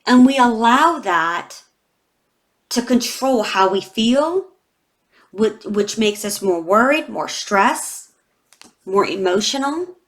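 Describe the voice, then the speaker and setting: A woman's voice: on the high side, lively intonation, slow pace, pauses often. A woman in her forties, a tarot reader talking to camera in a heartfelt, confiding way, emotional and close to tears, with many "you know" fillers. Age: 40s. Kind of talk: emotional tarot reading vlog.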